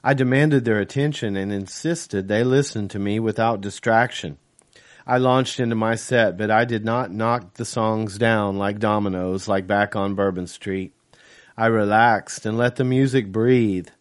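Man reading his own novel, steady. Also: lowish voice. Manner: steady, measured first-person reading. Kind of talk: audiobook narration.

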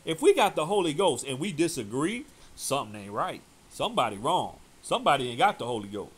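Preacher, male, scolding and fiery, pitch swings a lot. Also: very animated, fairly quick, husky. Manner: fiery, scolding, quotes scripture loudly. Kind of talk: preaching commentary over a debate clip.

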